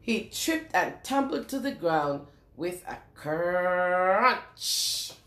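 A woman reading a picture book aloud to young children in a lively sing-song way, stopping often to ask them questions. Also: lowish voice, extremely slow, reverberant. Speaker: children's storyteller.

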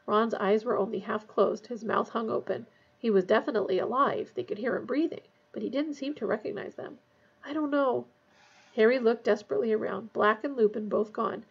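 A woman narrating a fantasy novel aloud in a tense, hushed storytelling manner. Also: fairly high pitch, brisk, creaky, breathy edge, highs cut off. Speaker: audiobook reader.

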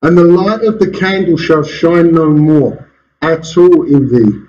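A man's voice: fairly high pitch, a little slow, warm tone, dull audio. A man preaching a sermon as pastor in a church, asking rhetorical questions and chuckling between points. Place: church hall.

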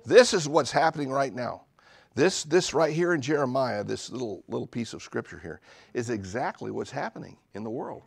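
Animated and at normal speed, a middle-aged pastor preaches in a husky voice with vocal fry, recorded with no room sound in a church sanctuary. His charismatic message swings from low asides to loud declarations, spiced with humorous jabs.

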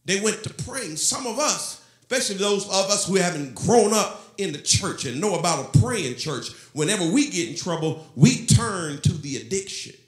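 A man, a pastor, preaching a sermon in a church, often breaking into shouted and half-sung lines. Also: high-pitched, expressive, moderate pace. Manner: preaching, rising to shouts, half-singing phrases. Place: church sanctuary. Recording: echoey church room.

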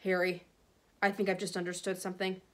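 A woman voicing a clever teenage schoolgirl who speaks briskly and softly in a storybook reading. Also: on the low side, monotone, lightly acted. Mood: realizing.

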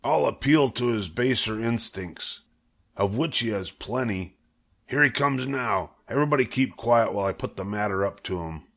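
A man reading aloud and voicing a shrewd, sensible old female sheep with a calm, persuasive manner. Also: lowish voice, normal speed, creaky, full character voice.

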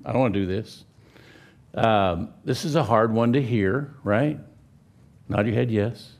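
Texan pastor preaching a folksy sermon. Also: male voice, lowish voice, a little mellow. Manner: folksy storyteller, pauses and restarts. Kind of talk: sermon with a story. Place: church sanctuary.

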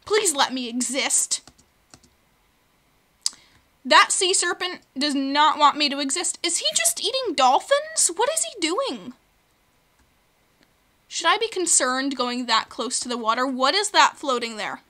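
A woman's voice: high voice, expressive, a little slow, bright, forceful tone. A woman hosting a video game let's play, chatting playfully and talking to the creatures on screen. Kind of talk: gaming commentary.

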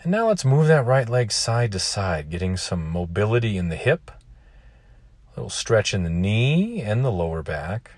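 A man leading a gentle morning yoga class outdoors, giving calm, soothing instructions. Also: fairly low pitch, a little slow, no room sound.

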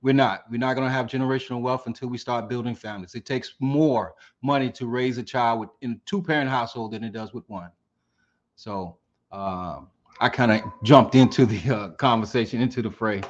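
Casual: calm imam guy, lots of uh pauses, sound's kinda dull and muffled. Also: mid-range voice. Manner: measured, steady, with many pauses and fillers. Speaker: imam on a roundtable. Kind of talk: panel discussion. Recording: dull lo-fi audio.

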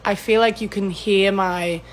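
A young woman with a Californian accent who is attempting an Australian one as she chats to the camera. She talks slowly and haltingly and often repeats words to fix them. Her pitch sits in the middle of the range for a woman. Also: fairly even intonation, rough recording. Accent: put-on Australian accent over a Californian one. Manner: halting and self-correcting, restarting words. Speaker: vlogger. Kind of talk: casual accent practice to camera.

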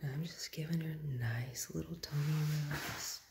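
A woman dog trainer demonstrating at home, praising softly and calmly, often dropping to a hush. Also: deep voice, moderate pace, vocal fry, hardly any pauses. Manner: soft, calm praise, often hushed to a whisper. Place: indoor home room with a dog crate. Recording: roomy echo with loud background noise.

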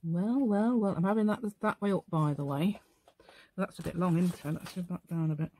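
A woman's voice: lowish voice, fairly quick, warm tone, a little hiss or hum. Chatty woman, rambling craft talk. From England. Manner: rambling, chatty, talks to herself while working. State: tired. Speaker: craft channel host. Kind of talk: casual crafting tutorial chat.

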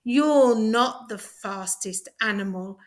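A woman voicing a quiet, calm old male tortoise in a storybook read-aloud, steady and unhurried. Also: on the high side.

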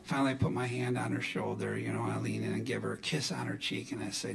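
Talking fast with hardly any pauses, a middle-aged man from Milwaukee, Wisconsin, rambles through a folksy on-stage story between his folk songs, peppered with "you know." His voice is lowish and fairly even in intonation, with vocal fry.

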